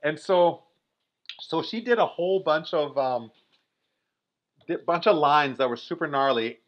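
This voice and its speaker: A middle-aged Canadian man with a Canadian accent, a podcast guest telling an excited story and acting out voices as he goes. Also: on the high side, a little slow, muffled recording. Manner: energetic, animated, acts out voices in his stories.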